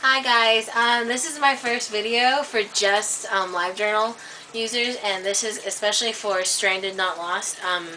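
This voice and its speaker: A woman's voice: mid-range voice, unhurried, sharp tone, slight background noise, rough recording. A woman talking casually to her online friends in a vlog, chatty and hesitant with lots of ums. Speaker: video blogger.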